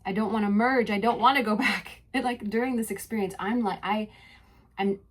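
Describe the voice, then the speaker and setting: A young adult woman hosting a podcast, telling a personal story in a soft, introspective voice that moves between spoken narration and casual chat. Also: mid-range voice, fairly quick, breathy edge. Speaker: podcast host.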